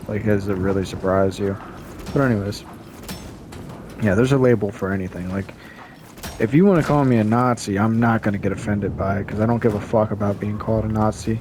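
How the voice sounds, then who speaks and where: A man ranting to camera in a casual vlog, blunt and profane, rambling with restarts and drawn-out complaints. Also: on the low side, steady tone, noisy background. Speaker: vlogger.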